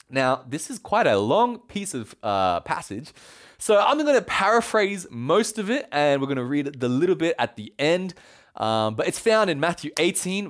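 A male pastor preaching a sermon, telling a Bible story with playful, conversational asides. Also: fairly high pitch.

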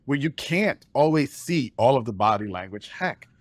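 A man hosting a relaxed interview, who keeps affirming and building on his guest's points. His voice sits at a mid pitch, and the recording is dry and close. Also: moderate pace, dry recording. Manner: affirming, reflective, agrees often. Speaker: host. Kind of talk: casual interview chat.

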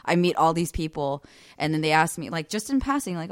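Low-voiced chatty woman. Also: lively intonation, a little fast, no room sound, clean studio sound. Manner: chatty, enthusiastic, laughs often. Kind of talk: casual chat.

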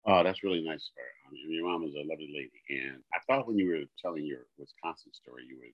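A man with a very low voice, chatting on a podcast. He tells his stories with animated, exasperated energy. The audio is slightly dull and lo-fi. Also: quick pace. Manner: animated, exasperated storytelling with quoted dialogue. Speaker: podcast co-host. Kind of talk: casual storytelling chat.

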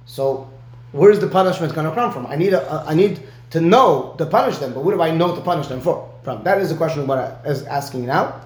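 A man with a somewhat high voice teaches Talmud one-on-one, walking through the reasoning step by step. He keeps checking in with his student by asking "right?". The recording has a roomy echo. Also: expressive, fast talker, darkish tone.

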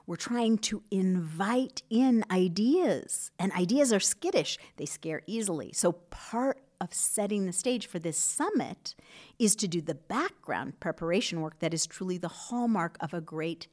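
A woman hosting a podcast, giving scripted relationship advice in an earnest, expressive way with soft asides. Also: fairly low pitch, unhurried. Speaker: podcast host.

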